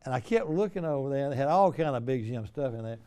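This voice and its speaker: Folksy older Southern host, warm voice. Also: male voice, medium pitch, animated, fast, smooth. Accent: Southern US, Alabama. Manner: folksy storyteller. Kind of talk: casual interview chat.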